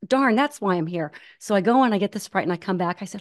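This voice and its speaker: A woman guest telling stories in an earnest, animated way, acting out the voices she quotes. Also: medium pitch, fast, few pauses. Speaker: guest, ultramarathon runner. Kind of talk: conversational storytelling.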